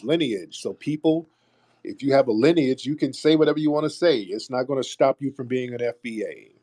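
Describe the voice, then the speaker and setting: A man hosting a call-in audio show, arguing forcefully with callers, repeating himself and cutting them off. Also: mid-range voice, dry recording, clean studio sound. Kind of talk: argumentative call-in talk.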